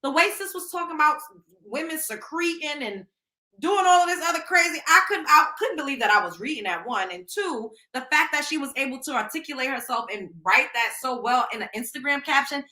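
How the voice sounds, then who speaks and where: A woman's voice: high voice, lively intonation, a little fast, bright, forceful tone, roomy sound, rough recording. A woman hosting a show and reacting to a clip, emotional, blunt and profane in casual commentary. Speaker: show host.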